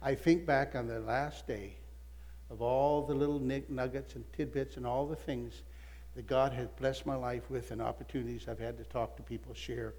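An older man, a literature evangelist, telling a lively personal testimony story that swings between excited outbursts and hushed asides. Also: mid-range voice, moderate pace. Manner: animated storyteller, voices his wife and prayers, excited swings. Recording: long hall reverb, faint music.

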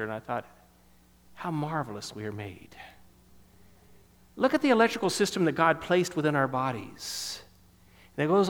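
A man in his fifties telling a personal testimony in sermon style, emotional and storytelling, dropping softer at tender moments. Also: fairly high pitch, big-room sound. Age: 50s. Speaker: speaker giving a testimony.

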